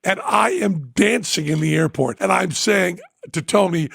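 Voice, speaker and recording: A man hosting a podcast and telling a comic story, animated, loud and profane, often laughing. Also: high-pitched, measured pace, vocal fry, slightly rough, no room sound, clean studio sound. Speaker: podcast host.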